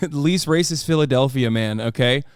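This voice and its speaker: A man's voice: mid-range voice, unhurried, clear, resonant tone, no echo, clean studio sound. A man hosting a stream, giving casual political commentary in a heated, profane way. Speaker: streamer host.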